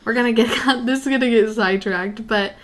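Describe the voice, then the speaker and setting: A woman's voice: a little high, brisk. A woman co-hosting a podcast in casual chat, talking freely with many "like" and "you know" fillers. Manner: chatty, lots of "like" and "you know". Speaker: podcast co-host.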